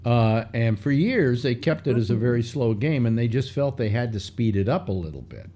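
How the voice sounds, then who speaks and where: A man's voice: medium pitch, animated, normal speed, warm tone. An older man hosting a casual chat show, rambling through a story with many restarts and fillers. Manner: meandering, restarts, mock voices in anecdotes. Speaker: show host.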